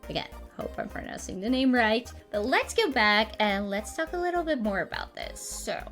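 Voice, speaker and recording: A woman's voice: on the high side, expressive, normal speed, fairly bright tone, faint music behind. A woman coaching freelancers, chatting candidly through a review of a job proposal and laughing lightly now and then.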